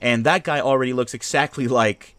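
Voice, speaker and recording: A man's voice: medium pitch, a little fast, a bit bright, dry recording. A man streaming a video game, giving casual commentary with rambling, joking asides.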